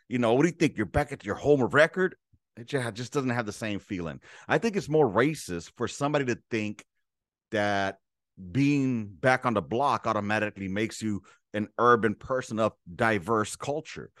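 A man's voice: lowish voice, a bit bright, no room sound, studio quality. A man hosting a podcast alone, ranting in a profane, heated and rambling way. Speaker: podcast host. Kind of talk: casual ranting monologue.

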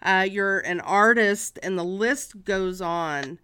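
Woman hosting a podcast, slow and bright, kinda stumbly but enthusiastic. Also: mid-range voice, clean tone. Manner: hesitant, repeats words, enthusiastic. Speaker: podcast host. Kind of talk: casual interview chat.

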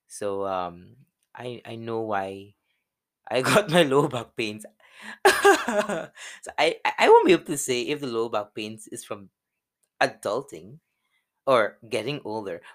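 A man's voice: measured pace, long pauses. A young man with a Guyanese accent, hosting a podcast and telling a personal story in a casual way, laughing often. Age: young adult. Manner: animated, laughs often, jumps into high voices when quoting people. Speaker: podcast host.

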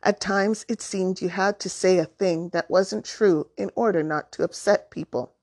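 A woman narrating a children's story aloud in a calm, deliberate way. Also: fairly low pitch.

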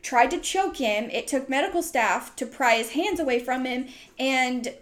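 A woman's voice: sits high, expressive, normal speed. A young adult woman hosting a podcast, telling a story in a casual, rambling way with many "like"s and "um"s. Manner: rambling, full of "like" and "um". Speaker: podcast host.

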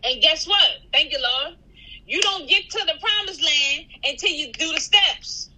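A woman co-hosting a casual faith podcast, telling animated stories, acting out dialogue and laughing often. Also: sits high, measured pace. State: out of breath at times. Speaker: podcast co-host.

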